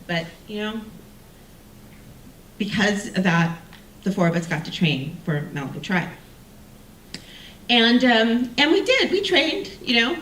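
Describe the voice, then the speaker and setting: A woman tells a personal story with a lively, swooping voice, mocking herself and playing the people she quotes. She sounds roomy and a little far from the mic, with faint ambience behind her. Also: fairly high pitch, measured pace, long pauses, a little hiss or hum. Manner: animated, self-mocking, acts out quoted voices.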